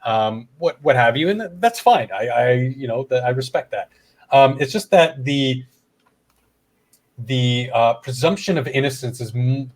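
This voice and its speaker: A man from Canada hosting a podcast, talking in a casual, rambling way with frequent restarts and swearing. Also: medium pitch. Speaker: podcast host. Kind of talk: casual chat.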